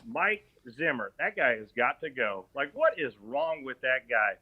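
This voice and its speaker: A man hosting a sports podcast, ranting in a mocking, animated way. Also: mid-range voice, a little slow, phone-quality sound. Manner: animated, mocking, does exaggerated voices. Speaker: podcast host.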